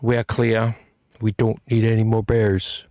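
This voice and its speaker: A man's voice: on the low side, completely flat delivery, measured pace, mellow, no room sound. A man hosting his own vlog from a room at home, chatting casually and playfully, with silly wordplay and repeated phrases, into a desk microphone. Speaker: vlog host. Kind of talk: casual rambling chat to camera. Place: home room with fire on a TV and a heater.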